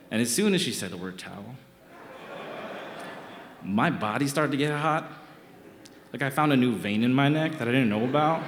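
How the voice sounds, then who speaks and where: A young man tells a funny personal story from a theatre stage, wry and self-mocking in a relaxed, conversational way. His voice sits in the middle of the male range. The sound is roomy and trails off in a long hall reverb. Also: mid-range voice, normal speed, pauses often, a little hiss or hum. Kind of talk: live comic personal storytelling.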